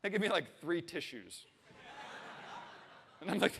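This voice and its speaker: This is a man in his thirties telling a comic story at a live event, with a high voice that swings wide in pitch. He swears freely and acts out the people in it. A long reverb trails after his words, as in a big hall. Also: measured pace, creaky, slightly rough. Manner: animated, swearing, acting out voices and laughing. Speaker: storyteller on stage. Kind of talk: comic personal anecdote to a live audience.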